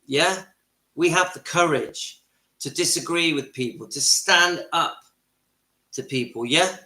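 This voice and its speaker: Speaking slowly, a middle-aged man hosting his own channel pours out a passionate monologue, repeating phrases to drive his point home. His slightly high voice is bright and forceful, and the sound is roomy, recorded in his kitchen and lounge at home.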